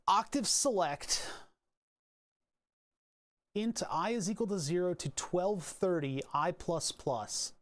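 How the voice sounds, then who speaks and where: A man's voice: high-pitched, animated, takes it slowly, pauses often. A man from Pennsylvania hosting a casual live stream, thinking aloud as he works through code, rambling with restarts and asides. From Pennsylvania, USA.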